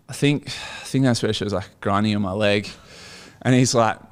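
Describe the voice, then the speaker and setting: A man's voice: medium pitch, moderate pace, smooth. An Australian man, a guest in a casual chat, telling an anecdote with lots of laughter and acted-out voices. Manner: animated anecdote-telling, laughs often, acts out quoted voices.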